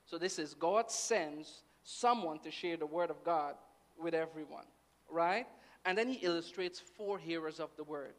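Bright-voiced male preacher, lively. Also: on the high side, unhurried. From Guyana. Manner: lively, with call-and-response "amen" and "right" checks. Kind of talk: sermon.

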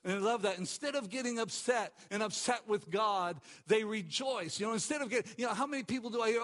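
Male pastor, high-pitched, impassioned sermon delivery with repeated phrases. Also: quick pace, few pauses. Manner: impassioned preaching, rising to exclamations and dropping to quiet emphasis; repeats words and phrases for emphasis.

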